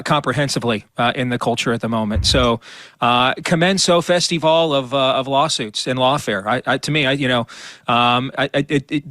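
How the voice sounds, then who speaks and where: A man appearing as a guest on a talk show, speaking haltingly and full of filler words. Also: mid-range voice, bright, forceful tone, dry recording.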